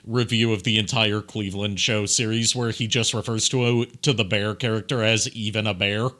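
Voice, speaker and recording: A man's voice: on the low side, steady tone, normal speed, sharp tone. A man, a guest from the cast, chatting casually with wry jokes. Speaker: fan-series cast guest. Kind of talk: casual chat.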